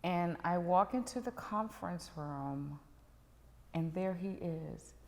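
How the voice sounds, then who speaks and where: Middle-aged woman telling her life story on a podcast, lowish voice, big echoey room. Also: slow. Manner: animated storyteller, drops to whispers for tense moments. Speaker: podcast guest. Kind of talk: personal storytelling.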